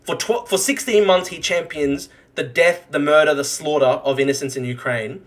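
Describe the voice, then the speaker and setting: A man's voice: on the high side, moderate pace. A young man hosting a live stream, ranting angrily and swearing, repeating phrases for emphasis. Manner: heated, profane, repeats himself for emphasis. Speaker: livestream host. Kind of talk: angry political livestream rant.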